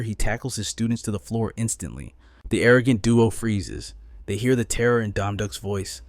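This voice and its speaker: A man narrates a fantasy comic recap with urgent, dramatic storytelling. His voice is fairly low and sounds dry and close. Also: no echo.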